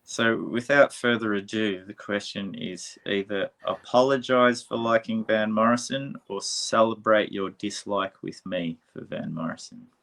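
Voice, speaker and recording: A man hosting a casual interview, chatty and quick to laugh. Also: fairly low pitch, vocal fry. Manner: chatty, laughs often, animated asides. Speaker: host. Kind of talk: casual video-call interview.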